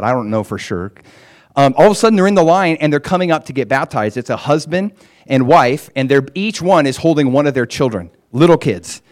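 A man casually recounting a ministry trip, growing animated and loud as the story builds. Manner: animated, gets loud and high when excited; frequent fillers and restarts. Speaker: traveling minister.

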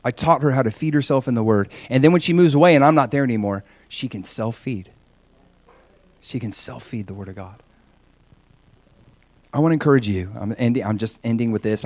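Middle-aged male preacher, lively storyteller, dry close sound, acts out quoted people. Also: on the low side, no echo. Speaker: pastor. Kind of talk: sermon with personal stories.

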